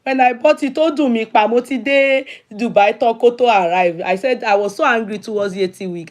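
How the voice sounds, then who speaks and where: In a slightly high voice at a moderate pace, a middle-aged woman with a Nigerian accent talks casually with her livestream viewers. She greets them individually and sprinkles in Yoruba phrases.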